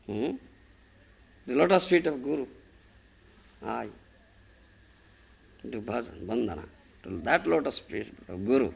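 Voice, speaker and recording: A man's voice: mid-range voice, expressive, a little slow, creaky, pauses often, husky. A man preaching a devotional sermon as a spiritual teacher, emphatic and often asking if listeners understand.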